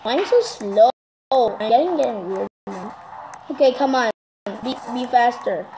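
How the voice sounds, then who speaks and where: A woman giving excitable, chatty commentary while playing a game, often calling out to "guys". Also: on the high side, measured pace, background noise. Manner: excitable, keeps repeating "guys". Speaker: gaming vlogger.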